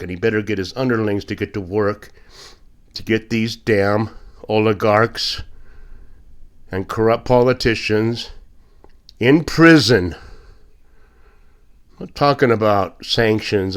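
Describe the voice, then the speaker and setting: A man delivering a blunt, indignant opinion monologue as a podcast host, with sarcastic asides. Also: on the low side. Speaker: political commentator.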